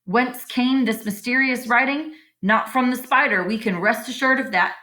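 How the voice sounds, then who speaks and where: Woman doing a booming fair announcer man. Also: moderate pace, bright, forceful tone. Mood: grand. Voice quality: booming, formal. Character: pompous male fair announcer on loudspeaker.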